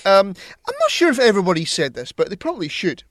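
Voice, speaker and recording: A man's voice: high-pitched, wildly swooping pitch, fast, no room sound, studio quality. A man co-hosting a casual movie podcast chat, trading playful, teasing banter. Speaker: podcast co-host.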